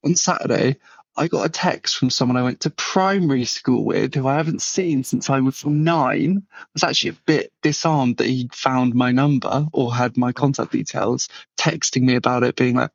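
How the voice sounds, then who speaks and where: A man co-hosts a podcast, spinning animated, mocking anecdotes. His voice is gravelly with a lot of fry. The sound is dry and a little dull, like a basic podcast mic. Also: medium pitch, moderate pace, no room sound. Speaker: podcast co-host. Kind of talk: casual storytelling chat.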